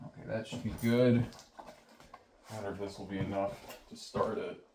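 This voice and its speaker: Young man, low-pitched, rambling self-talk, echoey workshop with faint hum. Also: fairly even intonation, normal speed. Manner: rambling, self-deprecating, mutters to himself. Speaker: vlogger. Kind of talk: casual self-talk while repairing. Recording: echoey room with faint noise.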